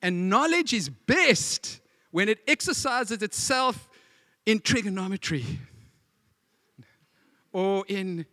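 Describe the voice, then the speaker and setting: A man preaching with a high voice. His delivery is animated, and he acts out stories and quotes. The sound is dry and close. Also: takes it slowly, long pauses, no echo. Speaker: pastor. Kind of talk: sermon.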